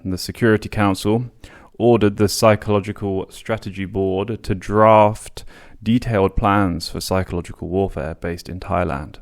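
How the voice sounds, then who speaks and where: A man with a somewhat low voice reads long passages from a history book for his podcast. He mixes the quotes with relaxed asides and now and then trips over a word and restarts it. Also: normal speed. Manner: occasional stumbles and restarts on words. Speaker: podcast host. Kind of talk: reading and paraphrasing a history book aloud.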